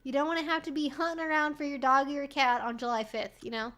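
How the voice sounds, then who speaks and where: A woman's voice: high-pitched, fairly even intonation, fast, a bit bright. A woman hosting a live stream, answering viewer questions in a casual, chatty way. She swears freely, fills her talk with "like", and laughs often between remarks.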